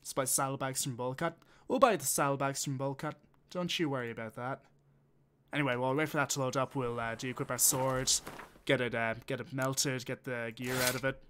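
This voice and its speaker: A man's voice: medium pitch, steady tone, fairly quick, a bit bright, clear, resonant tone. A man, chatting and swearing casually as he thinks aloud while playing a game on stream. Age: 20s. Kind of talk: casual gameplay commentary.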